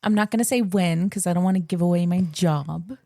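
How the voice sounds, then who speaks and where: A young woman co-hosting a casual chat, telling a lively, self-deprecating story and acting out her own lines. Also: on the low side, fairly quick, gravelly, no echo, studio quality. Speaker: podcast co-host.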